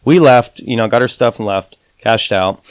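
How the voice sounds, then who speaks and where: A man's voice: mid-range voice, normal speed, clear, resonant tone, dry recording. A man guest on a podcast, telling a story in casual talk, full of "you know" and fillers, acting out the quotes he retells. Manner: acts out quotes with raised voice. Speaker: podcast guest, advantage gambler.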